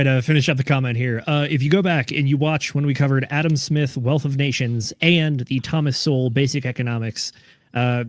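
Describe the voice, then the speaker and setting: A man's voice: mid-range voice, no room sound, studio quality. A man hosting a casual podcast, reading listener comments and notes aloud with joking asides. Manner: easygoing, reads aloud with asides. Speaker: podcast host.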